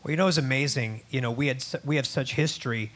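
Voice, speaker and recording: A man's voice: mid-range voice, fast, a bit bright. A man hosting a Christian talk show, affirming his guest and asking her questions.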